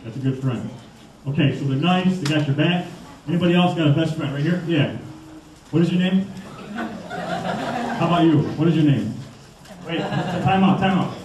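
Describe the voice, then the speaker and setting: A young man from Michigan giving an animated storytelling talk to schoolchildren in a school hall. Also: a little high, normal speed, long pauses, background noise. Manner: animated, acts out voices. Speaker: motivational speaker. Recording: echoey hall from far off.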